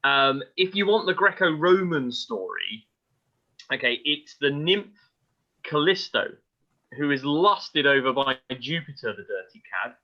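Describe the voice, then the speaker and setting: A man with a slightly high, expressive voice co-hosts an astronomy podcast, telling myths in a jokey, irreverent way at a measured pace. It's a casual astronomy chat, and the audio sounds dull and lo-fi.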